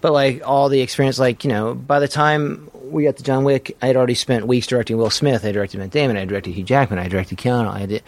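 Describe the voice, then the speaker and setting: A man guest on a casual podcast chat, telling profane, animated stories and acting out quotes of others. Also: medium pitch, dry recording. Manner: fast, storytelling, profane, acts out quotes. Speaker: film director, guest.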